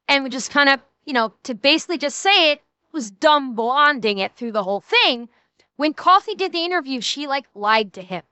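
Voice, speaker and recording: A woman's voice: high voice, pushed and bright, clear, resonant tone, no room sound. A woman streamer giving casual, sarcastic commentary and speaking directly to her chat. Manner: chatty, sarcastic, talks straight to chat. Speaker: streamer reacting to a video.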